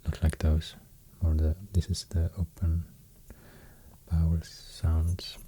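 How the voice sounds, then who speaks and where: Man, Swedish accent, soft-spoken ASMR, half-whispered, very dark mellow tone, slow and unhurried, hesitant fillers. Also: a bass voice, completely flat delivery, slightly rough. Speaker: ASMR host explaining runes.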